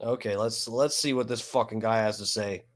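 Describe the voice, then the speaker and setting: A man's voice: lowish voice, fairly even intonation, normal speed. A man streaming casual commentary over videos, rambling and profane, with many fillers.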